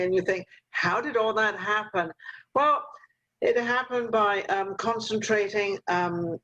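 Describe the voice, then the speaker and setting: A woman's voice: lowish voice, dull audio. An older woman hosting a talk show over a video call, giving rambling, motherly advice with lots of fillers. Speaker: host.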